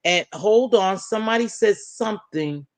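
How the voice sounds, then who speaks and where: A woman hosting a casual live stream in a middle-pitched voice. She talks in an emphatic, preachy way, swinging her pitch up and down and calling her viewers "baby", and the close sound is dry with no room in it. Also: normal speed, no echo. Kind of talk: casual live stream commentary, reading chat.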